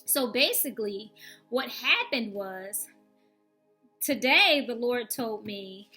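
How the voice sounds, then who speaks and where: A woman's voice: on the high side, very animated, slow pace, bright, forceful tone, soft background music. A woman giving a candid personal faith testimony in a frank, conversational, reflective way. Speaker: vlogger sharing faith testimony.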